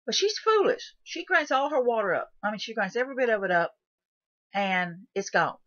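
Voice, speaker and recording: In a casual what-if monologue, a channel host whose voice sits on the high side talks expressively at a moderate pace about a survival scenario, folksy and repetitive, asking the viewer questions. Her tone is a bit bright, and the dull, lo-fi recording is dry with no echo.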